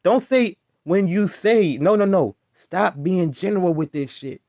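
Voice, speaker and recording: A man's voice: a little high, lively intonation, unhurried, few pauses, darkish tone, no echo, clean studio sound. A man hosting a reaction video, heckling and ranting in a casual, exasperated way.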